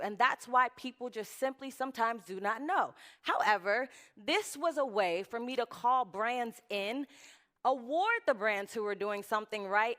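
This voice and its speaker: Woman presenter, upbeat and chatty, higher voice, talk recorded in a conference hall. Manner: lively, chatty, quick. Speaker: conference speaker. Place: conference stage.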